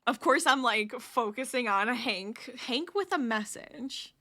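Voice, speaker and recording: A woman chats with her live-stream viewers as she crochets, giggling often and muttering stitch counts to herself. Her voice sits fairly high, swoops up and down, and has a bright, clear edge. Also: lively intonation, unhurried. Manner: chatty, giggly, talks to chat and counts stitches under her breath. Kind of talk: casual live-stream chat while crocheting.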